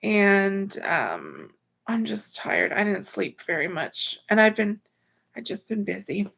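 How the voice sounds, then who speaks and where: A woman's voice: mid-range voice, very animated, slow pace, vocal fry, fairly bright tone, husky. A tired woman hosts a casual livestream from home, greeting viewers by name. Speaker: livestream host.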